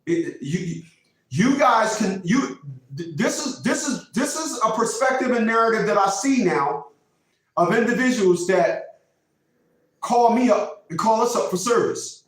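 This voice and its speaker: Middle-aged guy preaching relationship advice, repeats himself a lot, high voice, sounds far from the mic. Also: expressive, a little slow. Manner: preachy, repetitive, emphatic. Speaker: channel host giving relationship advice. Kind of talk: casual monologue. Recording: very echoey room, from far off.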